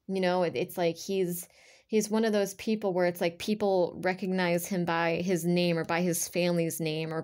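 A woman giving an intuitive tarot reading to camera, rambling and emotional, with frequent fillers and restarts. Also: on the low side. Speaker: tarot reader.

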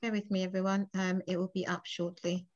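A woman's voice: fairly low pitch, flat delivery, a little fast, darkish tone. A woman church member apologetically asking everyone to wait while she sets up a video, heard on lo-fi call audio. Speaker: church member reading tributes.

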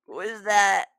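A woman's voice: medium pitch, a bit bright, no echo. A young woman giving casual, giggly commentary as she plays an online game, chatting to her viewers. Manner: giggly, bubbly, talks to viewers. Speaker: gaming video creator.

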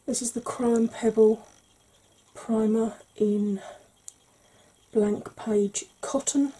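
Woman doing a chatty asmr makeup tutorial, warm mellow voice with some breathy whispering. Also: a little high, fairly even intonation, extremely slow, rough recording. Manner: soft, partly whispered, chatty and explanatory.

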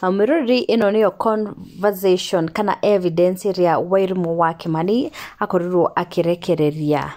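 A woman narrating gossip news, slowly and steadily reading out both sides of a phone call. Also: lowish voice, fairly even intonation, warm tone.

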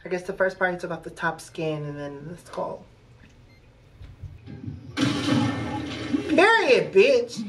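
A woman hosting a movie reaction, talking back at the screen in a loud, profane, casual way over a playing film. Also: on the low side, very animated, slow pace, long pauses, noisy background. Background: film soundtrack playing.

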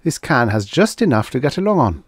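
A man's voice: mid-range voice, big pitch swings, brisk, breathy edge, dry recording, clean studio sound, voice pushed up. A man reading a science fiction audiobook, voicing a tense, weary spaceman stranded on an alien world who mutters half to himself.

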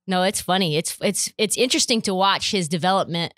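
A woman's voice: lowish voice, a little fast, fairly bright tone, dry recording, studio quality. A woman hosting a podcast interview, chatty and playful as she teases her guest. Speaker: podcast host. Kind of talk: casual interview chat.

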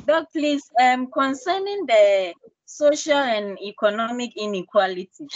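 A woman's voice: a little high, animated, a little slow, no echo. A woman student politely asking a question on a call from a phone. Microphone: phone on a video call. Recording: dry lo-fi phone audio.

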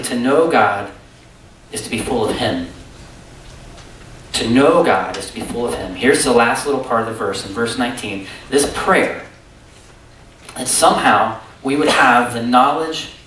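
A man's voice: mid-range voice, fairly bright tone, slight background noise. A man preaching a sermon, telling stories with animation and acting out his own thoughts. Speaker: pastor. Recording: echoey room from far off.

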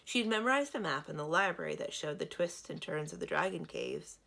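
Low-voiced woman reading a children's book. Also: lively intonation, fairly quick, gravelly, pushed and bright. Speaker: librarian reading aloud. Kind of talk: children's read-aloud narration.

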